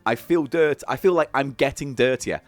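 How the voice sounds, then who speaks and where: A man's voice: medium pitch, no room sound, soft background music. A man co-hosting a comedy podcast in casual banter, teasing and bossing his co-host and laughing easily. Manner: teasing, bossy, quick to laugh.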